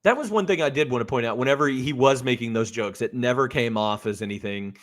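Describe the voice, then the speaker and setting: A man's voice: mid-range voice, fast, a bit bright. A man co-hosting a podcast, chatting casually and quoting lines with amused gusto. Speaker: podcast co-host. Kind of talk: casual chat.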